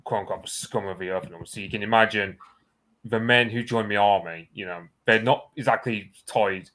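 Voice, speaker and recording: A man's voice: fairly low pitch, normal speed, a bit bright. A man in a casual chat who thinks aloud, hesitant and full of fillers.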